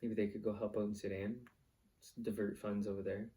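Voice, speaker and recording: Profane rambling man, dark flat voice. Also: fairly low pitch, brisk. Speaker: vlog host. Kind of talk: casual ranting monologue.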